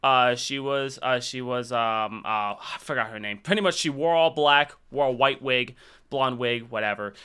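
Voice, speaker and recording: A man's voice: medium pitch, moderate pace, pushed and bright, clean tone. A young adult man hosting a podcast, telling crude stories in a rambling way with many fillers. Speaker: podcast host. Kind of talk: casual podcast chat.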